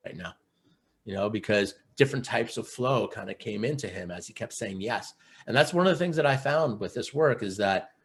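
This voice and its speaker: A man's voice: on the low side, breathy edge. A man coaching other men, telling stories earnestly in a casual podcast interview, with loose fillers. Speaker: guest, men's coach.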